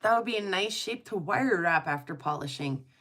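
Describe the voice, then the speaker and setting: A woman's voice: fairly low pitch, animated, moderate pace, fairly bright tone. A woman hosting her rock channel, chatting casually and gushing with frequent laughter. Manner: giggly and gushing, lots of laughter and fillers. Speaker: rock hounding channel host. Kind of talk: casual chat.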